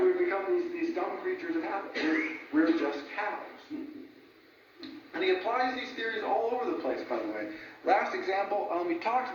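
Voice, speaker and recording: A man giving an informal lecture, animated, laughing at his own jokes and often asking "right?". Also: high-pitched, a little hiss or hum. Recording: echoey room from a distant mic, dull sound.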